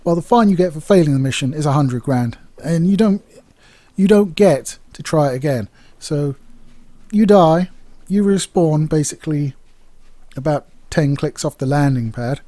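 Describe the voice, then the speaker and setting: A man's voice: on the high side, moderate pace, warm tone, dry recording. A man giving a casual, candid video game review, chatty and rambling with plenty of fillers.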